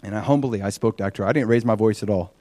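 A man preaching a sermon, telling a personal story in an earnest, animated way. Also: fairly low pitch, fast, no room sound.

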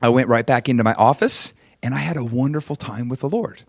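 A middle-aged male pastor preaching a sermon, swinging from loud and emphatic to soft and hushed. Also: mid-range voice, a little fast, vocal fry, no room sound, clean studio sound.

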